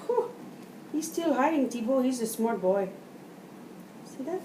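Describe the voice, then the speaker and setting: A woman reads a children's storybook aloud, lively and teacherly as she points things out. Her voice sits fairly high. She is recorded from a distance in a roomy space with a faint hiss behind her. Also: measured pace. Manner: animated, pointing at pictures and explaining words. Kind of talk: reading a picture book aloud to children.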